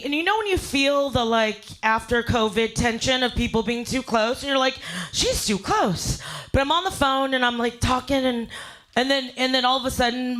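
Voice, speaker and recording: Brash high-voiced woman comic. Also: a bit bright. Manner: brash, profane, storytelling with big voiced asides. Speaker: stand-up comedian. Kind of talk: stand-up comedy set. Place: live fundraiser show.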